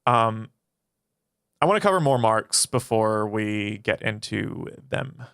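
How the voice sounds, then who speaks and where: Profane rambling male streamer, bright crisp voice. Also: lowish voice, lively intonation, slow pace, dry recording, clean studio sound. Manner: profane, rambling, answers chat questions. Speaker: philosophy channel streamer. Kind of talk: casual livestream Q&A.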